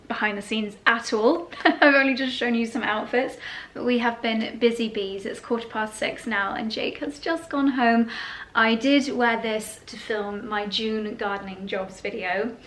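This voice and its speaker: A chatty woman talking straight to her camera mic in an easygoing vlog. Her voice sits a touch high, and a faint hiss of background noise runs under it. She stays bubbly and light, with a laugh often slipping into her words. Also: a bit bright. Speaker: lifestyle vlogger. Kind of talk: casual vlog talk to camera.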